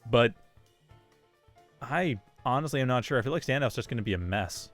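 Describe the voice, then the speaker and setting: A man calling a mobile shooter esports match live, with quick play-by-play and casual banter. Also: mid-range voice, lively intonation, fairly bright tone, soft background music. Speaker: esports caster.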